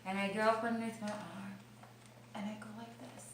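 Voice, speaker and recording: A woman's voice: medium pitch, a little fast. Woman telling her story in a roomy kitchen. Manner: animated storytelling, dropping to quiet whispers. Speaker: vlogger sharing her illness story. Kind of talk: personal video diary. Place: kitchen of an old house. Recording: roomy, distant mic with faint noise.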